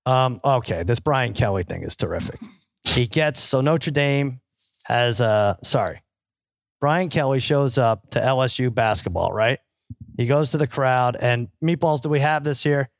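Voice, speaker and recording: A man's voice: medium pitch, lively intonation, measured pace, creaky, no echo, clean studio sound. A man hosting a casual sports talk show, joking and laughing between topics. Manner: jokey, reads ad copy, laughs often. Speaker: podcast host.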